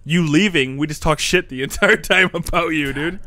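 A man's voice: fairly high pitch, normal speed, bright, forceful tone. A man co-hosting a podcast, trading crude, teasing banter. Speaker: podcast co-host. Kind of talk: casual banter.

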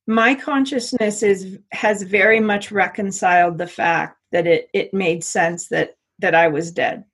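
A middle-aged American woman telling a personal story in an interview, halting with frequent restarts. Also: mid-range voice, fairly even intonation, fairly bright tone, slightly rough. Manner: halting, many restarts and repeats. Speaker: interview guest.

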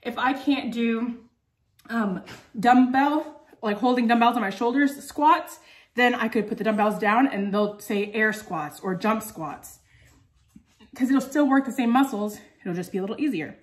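A woman's voice: on the high side, measured pace. A young woman chatting casually in a home vlog, full of "um" and "like" and out of breath after a workout. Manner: chatty, many fillers like "um" and "like". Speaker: vlogger.

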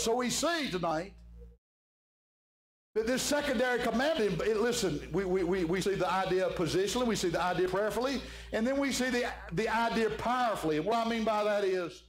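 A man preaching an evening sermon as pastor, fervent and fond of saying "my friend". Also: very high-pitched. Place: church sanctuary. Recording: echoey church room with faint hum.

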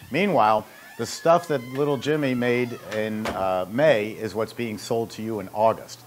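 Rambling man telling business stories. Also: on the low side. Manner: rambling, anecdotal, with joking asides. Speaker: host and ice machine maker. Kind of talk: casual instructional talk.

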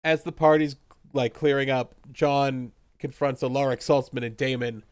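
A young man recapping a TV episode in casual chat, animated and laughing often as he acts out characters in quick voices. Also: medium pitch, clear, resonant tone, dry recording, studio quality. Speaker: podcast co-host recapping a TV episode.

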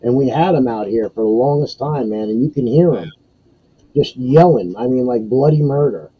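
A man from Florida chats on a live-streamed podcast in a very dark, husky voice. He talks in a folksy, animated way and often drops in "man". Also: medium pitch, moderate pace, low-quality recording. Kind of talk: casual live-stream chat.

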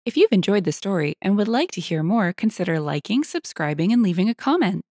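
A woman narrating internet stories aloud, with lively, expressive storytelling. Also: mid-range voice, a little fast, no echo, studio quality.

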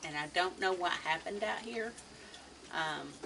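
A chatty woman talks casually to her viewers while she feeds animals on a deck at night. Her voice is picked up from some distance, with clear outdoor noise around her. She keeps coaxing the animals softly between remarks. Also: lowish voice, measured pace. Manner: chatty, coaxing the animals, soft baby-talk to pets. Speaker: animal feeder vlogger. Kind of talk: casual chat to camera while feeding animals.

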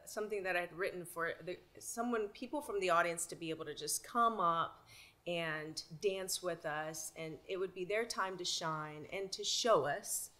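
A woman in her forties, a podcast guest telling stories in a casual, animated way and laughing often. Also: on the low side, moderate pace. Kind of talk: casual storytelling.

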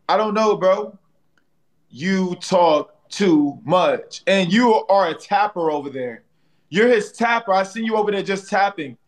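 A man hosting a live stream in casual banter, playfully trash-talking and teasing his viewers and a rival, slangy and repetitive, tagging lines with "bro.". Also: high voice. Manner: slangy, repeats phrases, tags lines with "bro". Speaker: livestream host.

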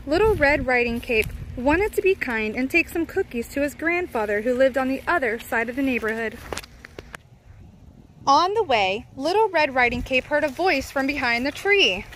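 A woman narrating a children's storybook aloud in a lively, playful way. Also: high-pitched, moderate pace, slight background noise.

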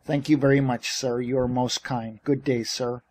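A man's voice: medium pitch, fairly even intonation, moderate pace, darkish tone, natural voice. A man voicing a polite, earnest young war veteran in an audiobook. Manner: respectful, earnest. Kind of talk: audiobook character reading.

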